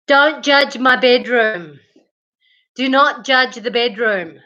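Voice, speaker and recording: A livestream host chats casually with her viewers from home, moving between rooms and speaking straight into her laptop mic. Her voice sits a little high and comes out pushed and bright, and she takes her time. The highs in the recording are cut off.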